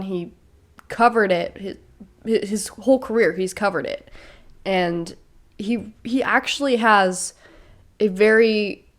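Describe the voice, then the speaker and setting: Young woman host, slightly under the weather, eager fan chatter, mid pitch. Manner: chatty, enthusiastic fan talk with fillers. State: slightly sick. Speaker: podcast host. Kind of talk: casual solo podcast chat.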